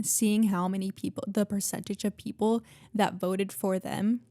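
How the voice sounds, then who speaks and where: A woman's voice: medium pitch, little pitch movement, measured pace, hardly any pauses, dark tone, no echo, clean studio sound. A young woman hosting a podcast in casual chat, gushing and chatty with lots of fillers and swearing. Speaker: podcast host.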